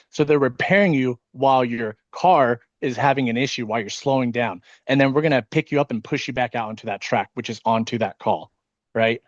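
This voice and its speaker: A man who leads an insurance sales team talks casually on a video call, fast and nervous from caffeine, swearing often. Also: medium pitch, no room sound, muffled recording. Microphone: video call microphone.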